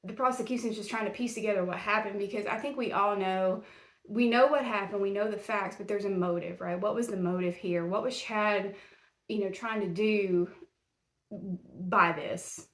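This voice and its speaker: A woman's voice: mid-range voice, steady tone, normal speed. A woman hosting a true-crime podcast, blunt and indignant as she scolds the accused directly in casual commentary. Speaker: podcast host. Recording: roomy echo.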